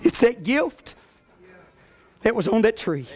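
A male pastor preaching a sermon, swinging between quiet talk and loud shouted climaxes. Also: sits high, big pitch swings, slow pace, husky.

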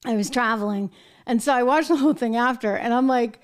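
An American woman with a slightly high voice hosts a commentary show. She talks emphatically and with animation, throwing in exasperated asides. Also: brisk. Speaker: show host. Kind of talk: political commentary.

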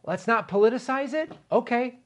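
A middle-aged man hosting a political commentary show, talking in an animated, indignant way with emphatic repetitions. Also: very high-pitched, moderate pace.

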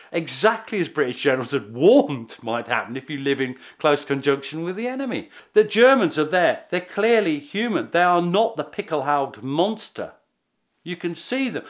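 A historian telling the story in an animated, chuckling way in a documentary interview. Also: male voice, a little high.

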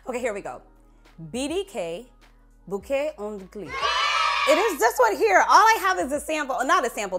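A woman with a slightly high voice chats casually to camera as a vlogger. She is sassy and playful and laughs at herself as she goes. Soft music plays faintly behind her. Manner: chatty, playful, sassy asides. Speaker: beauty vlogger.

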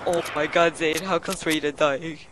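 A man in casual gaming voice chat who talks in a quiet, low-key way and gives short instructions to his teammates. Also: steady tone, normal speed, very noisy. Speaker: gamer teammate. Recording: quiet voice chat buried under loud gunfire.

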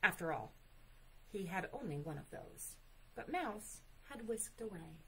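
A woman reads a picture book aloud at library story time, unhurried and expressive. Her voice moves through a lively range, and she pauses to add chatty asides about the pictures. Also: mid-range voice, slight background noise, poor audio.

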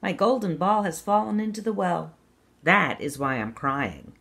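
A woman's voice: on the low side, expressive, normal speed, creaky, fairly bright tone, slight background noise. A woman voicing a selfish young princess with a petulant tone in a children's read-aloud. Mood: upset.

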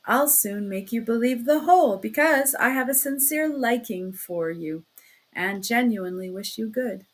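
A woman's voice: a little high, moderate pace, lightly acted. A woman reading aloud as a talkative, sly male criminal investigator who chats in a chummy, insinuating way. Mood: genial, teasing. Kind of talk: audiobook reading.

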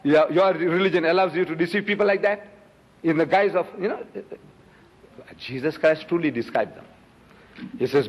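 A man's voice: fairly high pitch, normal speed, long pauses, dull audio. An older man from South Africa giving an emphatic public lecture, asking rhetorical questions and holding up items to show the audience. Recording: reverberant lecture hall.

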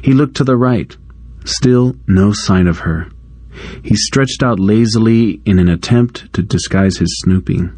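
Slow, low-voiced man reading a story. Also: dark tone, no echo. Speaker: narrator. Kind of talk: read-aloud story narration.

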